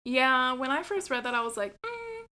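Woman podcast co-host, bright tense tone, slightly high voice, casual chatter, lots of "like". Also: brisk, smooth. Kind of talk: casual chat.

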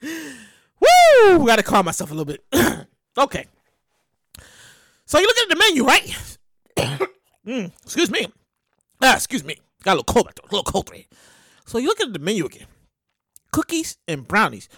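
A woman's voice: high voice, wildly swooping pitch, moderate pace, pauses often, a bit bright, dry recording, studio quality. A woman hosting a podcast, talking casually and animatedly, cursing freely and acting out scenes with big exaggerated outbursts. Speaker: podcast host. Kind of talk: casual commentary monologue.

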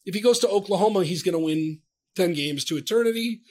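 A man co-hosting a casual sports talk show, animated and profane, often trailing off and restarting. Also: high-pitched, fast. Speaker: sports podcast co-host. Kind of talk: casual chat.

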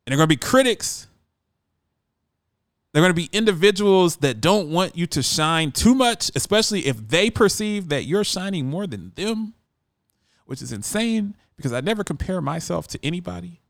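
Man, radio host, brash emphatic monologue, lively swinging pitch, dry close sound. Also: moderate pace, gravelly, no echo. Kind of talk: casual monologue.

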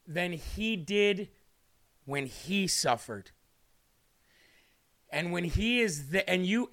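A man's voice: sits high, fairly bright tone. A man preaching an emotional livestream sermon, pleading and repeating questions for emphasis.

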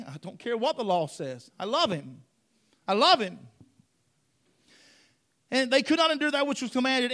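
Male preacher, very high and bright voice, emphatic and repetitive, church sermon. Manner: emphatic, repeats phrases, asks congregation for response.

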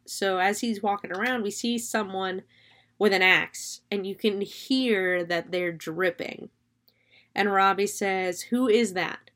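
A woman with a medium-pitched, slightly bright voice casually recaps and reviews a horror film. She speaks loosely, using lots of "like" and "um," and occasionally swears for emphasis.

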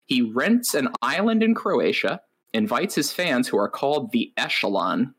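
A man's voice: medium pitch, very animated, moderate pace, fairly bright tone, slight background noise. A man co-hosting a podcast, telling stories in a wry, rambling way with lots of filler words. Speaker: podcast co-host. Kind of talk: casual chat.

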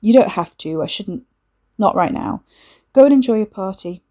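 A woman's voice: medium pitch, lively intonation, moderate pace, mellow, natural voice. Woman reading as a guilty, evasive young man. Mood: defensive. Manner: apologetic, defensive, faltering. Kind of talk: audiobook dialogue reading.

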